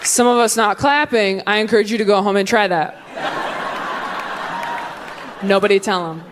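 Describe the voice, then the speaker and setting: A woman's voice: medium pitch, moderate pace, crowd noise, noisy background. A woman performing a stand-up comedy set on stage, with a punchy, sardonic delivery that acts out the voices she quotes. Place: comedy stage before a live audience.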